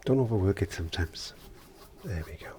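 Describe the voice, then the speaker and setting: A man teaching a painting lesson, gentle and encouraging, sometimes dropping into whispered asides, indoors in a studio. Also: low-pitched, animated, brisk, a little hiss or hum. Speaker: art teacher. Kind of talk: painting tutorial.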